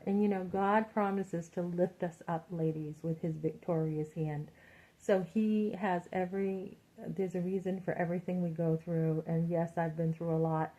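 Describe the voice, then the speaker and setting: The recording sounds muffled and lo-fi, carrying a middle-aged woman's warm, fairly low voice at a moderate pace and fairly even intonation. She vlogs for Christian women, chatting encouragingly and relaying her conversations as she talks.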